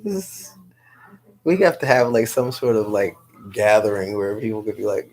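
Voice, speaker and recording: A woman's voice: a bass voice, measured pace, a little mellow, poor audio. A woman from New City, chatting casually as a guest on a live stream, laughing often and answering viewers by name. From New York City. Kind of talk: casual chat, reading viewer comments aloud.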